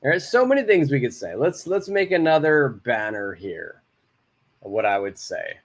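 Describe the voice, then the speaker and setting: A man teaching an online English lesson, his pitch swinging up and down as he reads example phrases. He repeats each one slowly and clearly, then chats casually about when to use it. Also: big pitch swings.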